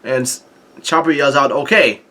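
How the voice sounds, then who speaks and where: A man casually recapping a manga chapter, halting often with restarts and self-corrections. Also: mid-range voice, steady tone, a bit bright. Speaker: manga reaction host.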